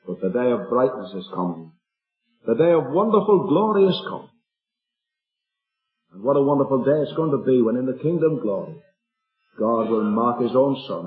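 Earnest male preacher in an echoey church hall, faint music under him. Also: medium pitch. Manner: earnest, rhetorical questions to the congregation. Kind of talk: sermon. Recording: tinny lo-fi recording in an echoey hall.

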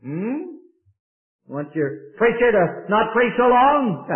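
An older man preaching a sermon, calling his listeners "beloved", with emphatic delivery that swings from loud peaks to hushed drops. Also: sits high, sing-song, measured pace. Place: church. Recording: echoey hall, tinny phone-like sound.

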